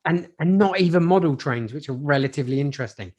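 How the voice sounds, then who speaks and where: A man's voice: on the high side, animated, fast, a little mellow, slightly rough, muffled recording. A man co-hosting a comedy podcast with dry, punning banter. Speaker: podcast co-host. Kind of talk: casual comedy chat.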